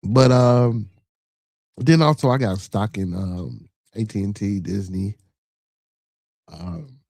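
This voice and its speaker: A man's voice: lowish voice, takes it slowly, vocal fry, a little mellow, no echo. A man with a Chicago accent hosting a podcast, giving blunt, profane money advice in casual chat and often restarting his words. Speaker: podcast host.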